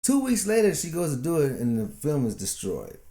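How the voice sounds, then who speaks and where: Laid-back, mellow-voiced man in his fifties. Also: fairly high pitch, huge pitch swings. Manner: laid-back, chuckling, drawn-out storyteller. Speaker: podcast co-host and father. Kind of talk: casual storytelling chat.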